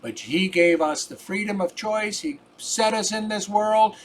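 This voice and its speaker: A man's voice: sits high, unhurried, slight background noise. An older man telling a personal story in a casual, rambling, folksy way, repeating "I says" and turning earnest and preachy about faith.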